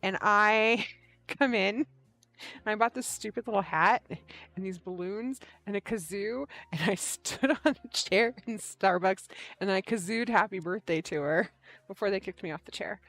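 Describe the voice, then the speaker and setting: A woman's voice: mid-range voice, a little slow. Chatty woman telling stories while knitting. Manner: animated storyteller, laughing often. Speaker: host of a knitting livestream. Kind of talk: casual livestream chat while knitting.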